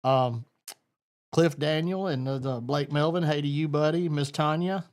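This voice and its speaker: Man, talk-show host, folksy and rambling, slightly high voice. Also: fairly even intonation, unhurried, darkish tone. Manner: folksy, rambling, Southern "y'all".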